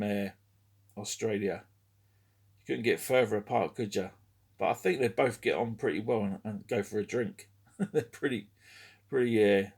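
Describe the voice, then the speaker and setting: Low-voiced middle-aged man, swearing freely. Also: gravelly. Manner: swears a lot, chuckles, trails off mid-thought. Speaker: collectibles vlogger. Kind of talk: casual rambling chat to camera.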